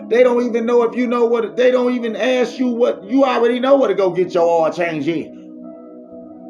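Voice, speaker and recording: A man's voice: very high-pitched, moderate pace, mellow, faint music behind. A man giving a faith-based motivational monologue, repetitive and preachy, full of street slang. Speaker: motivational speaker. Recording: muffled lo-fi recording.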